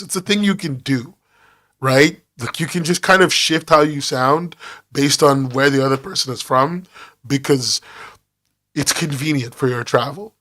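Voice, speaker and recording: A man's voice: fairly high pitch, normal speed, fairly bright tone. A man streaming while he draws, chatting casually in a neutral northeastern American accent, rambling and teasing. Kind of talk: casual chat while drawing.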